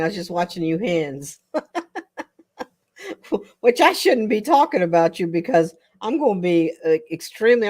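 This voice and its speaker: A woman's voice: mid-range voice, darkish tone. An older woman hosting a casual livestream chat with viewers, chatty and rambling, often breaking into laughter. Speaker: livestream host.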